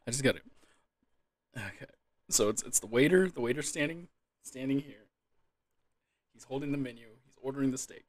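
A man's voice: mid-range voice, normal speed, pauses often. A man talking casually in a solo video with a dry mouth, repeatedly losing his composure in fits of laughter, recorded close to the microphone. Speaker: gaming video creator. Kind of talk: casual solo vlog talk.

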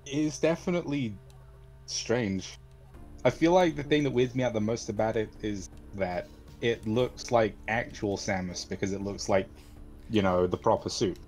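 A man's voice: on the low side, normal speed, a little mellow, soft background music, poor audio. A man joking and chatting casually with friends about a game. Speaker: co-commentator. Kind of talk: casual group chat.

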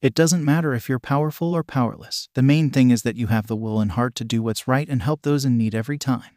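A man's voice: mid-range voice, fast, a little mellow, no room sound, lightly acted. A man voicing a blunt, protective teenage boy who talks sarcastically, in a dry fan fiction reading. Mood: earnest. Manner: sarcastic, brash.

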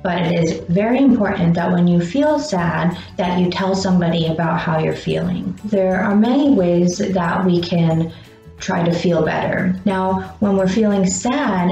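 Gentle woman teaching young children. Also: on the low side, vocal fry. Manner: slow, encouraging, pauses for answers. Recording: dull roomy sound with faint music.

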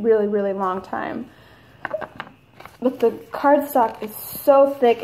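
A young woman with a high, bright-pitched voice talks through her haul at home. She takes her time, drawing out her words as she gushes and rambles with casual enthusiasm. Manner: gushing, rambling, drawn-out enthusiasm. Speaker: vlogger. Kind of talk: casual haul video chat.

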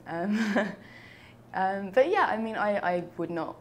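A woman's voice: medium pitch, expressive, slow pace, slight background noise. A young woman from London, talking reflectively in an oral history interview, with frequent fillers and restarts. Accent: London English. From United Kingdom.

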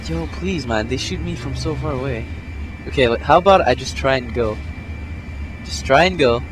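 A young man doing let's play commentary, swearing a lot and swinging from low mutters to panicked yelps. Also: moderate pace, pauses often, background noise. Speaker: gameplay commentator. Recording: game music under the voice. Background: game music.

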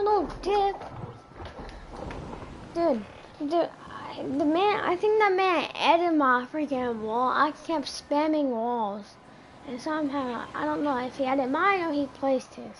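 A woman's voice: high voice, expressive, takes it slowly, a little hiss or hum. A woman streaming a game, chatting casually and saying dude a lot. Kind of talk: casual gaming commentary.

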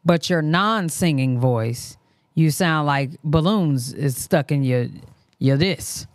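A woman's voice: sits low, takes it slowly, no echo, studio quality. A woman hosting a reaction stream, giving candid, slangy, outspoken commentary in a casual way. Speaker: reaction channel host.

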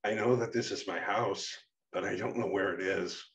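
A man voicing a fifteen-year-old boy alter who speaks quietly, haltingly and near tears. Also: sits low, fairly even intonation, recorded from a distance, highs cut off. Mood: lost. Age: fifteen as figure. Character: shaken teenage boy alter, lost and tearful.

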